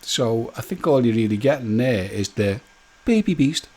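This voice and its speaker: There's warmth in this man's mid-range voice as he talks at a moderate pace on a casual live stream. Joking along the way, he speaks directly to viewers by name in loose, rambling chatter full of fillers and restarts.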